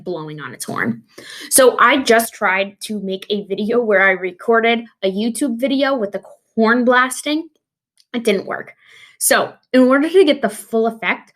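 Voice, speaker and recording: Young adult woman teacher, chatty classroom explainer, fairly high voice, talks her way through with fillers and restarts. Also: a bit bright. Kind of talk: recorded science lesson.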